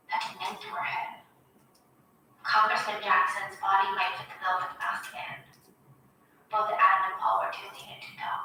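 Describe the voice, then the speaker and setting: A woman streaming from home, casually recapping a movie plot with animated swearing and "okay?" asides. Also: medium pitch, recorded from a distance, slight background noise. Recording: roomy echo, voice from afar.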